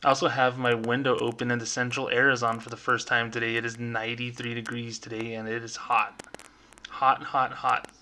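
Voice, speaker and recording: Bright-voiced man hosting a chatty podcast. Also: medium pitch, level tone, fairly quick, a little hiss or hum, rough recording. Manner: chatty and rambling, with many fillers. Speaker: podcast host. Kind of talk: casual solo podcast monologue. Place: room at home.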